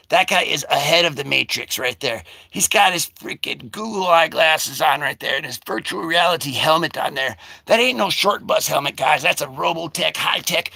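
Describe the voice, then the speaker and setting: A man hosting a casual comic-book vlog, rambling and joking with sudden shouted bursts. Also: on the high side, creaky, husky.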